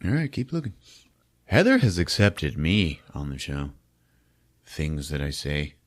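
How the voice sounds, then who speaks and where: A man hosting a podcast, giving an animated comedic movie recap, laughing often and acting out scenes with sound effects. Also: a bass voice, unhurried, dry recording, studio quality. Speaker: podcast host.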